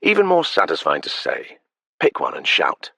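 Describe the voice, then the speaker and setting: A man's voice: huge pitch swings, normal speed, gravelly, pushed and bright, slightly rough, no echo, full character voice. A man voicing a playful, spirited young vampire noblewoman in an audiobook, lilting and teasing. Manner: lilting, teasing, raised pitch. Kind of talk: audiobook character voice. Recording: dry close studio sound.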